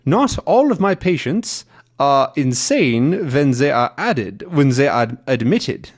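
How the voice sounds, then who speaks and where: A man's voice: medium pitch, sing-song, slow pace, voice pushed up. A man voicing a smug, menacing male villain from a comic, with a put-on mock German accent. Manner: exaggerated, threatening, gloating.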